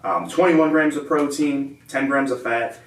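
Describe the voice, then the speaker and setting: A man co-hosting a casual protein bar taste test, reading out labels in a relaxed way. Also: mid-range voice, a little slow, slight background noise. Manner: relaxed, reads out nutrition labels. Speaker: co-host reviewing protein bars. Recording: roomy, mic at a distance, faint ambience.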